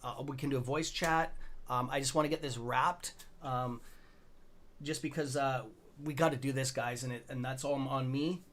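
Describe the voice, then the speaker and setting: A man's voice: mid-range voice, steady tone, normal speed, fairly bright tone, a little hiss or hum. A middle-aged Canadian man hosting a stock trading livestream, rambling loosely and greeting viewers by name in a friendly, casual way.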